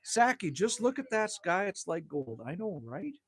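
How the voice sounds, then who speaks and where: A man's voice: sits high, sing-song, moderate pace, fairly bright tone. A man from Manitoba hosts a casual outdoor livestream from his cabin in the evening. He chats with viewers in a laid-back way, teasing himself and tossing in "man" and mild swearing. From Manitoba, Canada. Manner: laid-back and chatty, teases himself, swears lightly, says "man" often. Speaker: livestream host. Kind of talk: casual livestream chat reading viewer comments.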